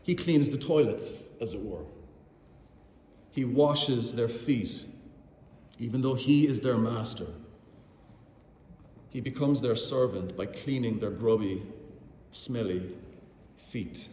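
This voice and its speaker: A man's voice: medium pitch, slow pace, pauses often, dark tone. A man preaching a sermon, telling the story vividly and speaking directly to his congregation. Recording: roomy hall with long reverb.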